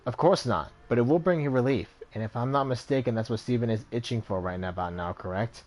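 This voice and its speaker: A man's voice: medium pitch, fast talker, darkish tone, lightly acted. Man reading as a suave male street dealer, smug, cool, evasive, game dialogue.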